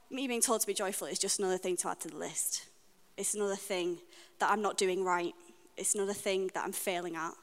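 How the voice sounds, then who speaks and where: A woman with a British accent preaches an earnest, deeply personal sermon, pausing often to reflect. Her voice rings out with a long reverb in a church hall. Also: fairly bright tone. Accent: British English.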